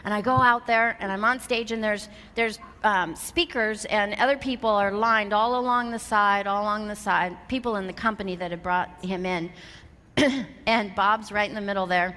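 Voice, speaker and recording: A woman's voice: mid-range voice, normal speed. A woman in her fifties giving a motivational keynote to a live audience, telling stories animatedly and acting out the dialogue. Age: 50s. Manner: animated storyteller who acts out quoted dialogue. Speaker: motivational seminar speaker. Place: large hall with an audience. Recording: long hall reverb, faint background noise.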